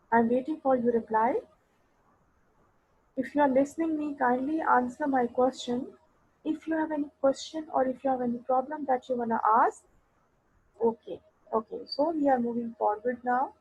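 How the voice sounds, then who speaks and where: Husky woman teaching an online class. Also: high-pitched, a little mellow, dull audio. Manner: explains slowly, mixes Urdu into English, asks students for replies. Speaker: English literature teacher.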